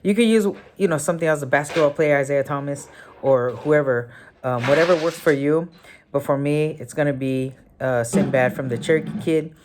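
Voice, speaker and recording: Give me a low-voiced woman explaining a memory trick. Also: brisk, noisy background. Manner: thinks aloud, many fillers, self-correcting. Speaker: memory technique tutor. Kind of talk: casual spoken tutorial.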